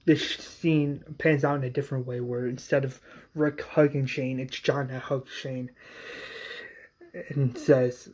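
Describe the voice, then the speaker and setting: A man casually recapping an episode of a fan series, halting and repeating words as he goes. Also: mid-range voice, level tone, a little mellow.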